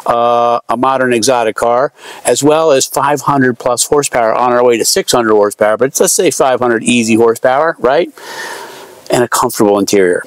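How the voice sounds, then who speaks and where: An enthusiastic man giving a casual, chatty sales walkaround of a car in a showroom, with lots of fillers. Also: mid-range voice.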